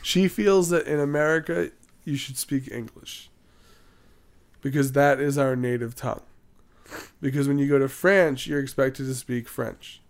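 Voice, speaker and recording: A man's voice: medium pitch, unhurried. A man chatting on a casual podcast, joking and laughing a lot. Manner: giggly, joking, laughs often. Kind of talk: casual chat.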